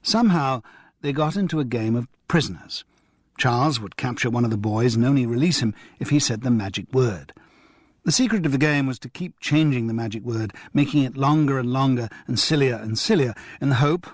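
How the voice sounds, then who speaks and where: A man reading a cozy mystery audiobook as narrator, with expressive storytelling delivery. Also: mid-range voice, no room sound, clean studio sound. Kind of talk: scripted narration.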